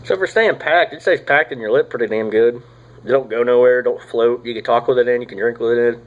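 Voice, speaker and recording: A young man talks through a casual product review in a loose, rambling drawl, swearing freely and trailing off into fillers. His voice sits at an ordinary middle pitch. The sound is dull and lo-fi, like a basic home video. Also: a little fast. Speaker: tobacco reviewer.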